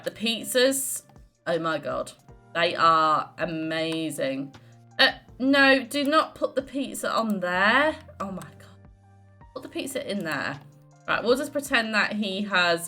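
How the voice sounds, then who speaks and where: Woman hosting a game let's play, chatty and giggly, lowish voice, faint music behind. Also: pushed and bright. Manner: chatty, giggly, lots of fillers. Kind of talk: casual gameplay commentary.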